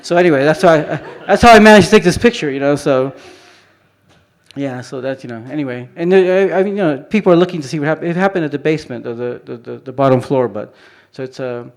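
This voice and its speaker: A man with a slightly high voice talks quickly about his photography at a conference. The informal presentation rambles, with frequent restarts and plenty of "you know" fillers, in a conference hall setting.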